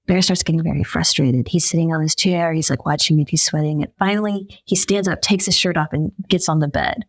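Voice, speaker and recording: A woman journalist, a podcast guest, telling a story in a lively way and acting out the quotes. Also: deep voice, a little fast, dry recording. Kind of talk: conversational storytelling.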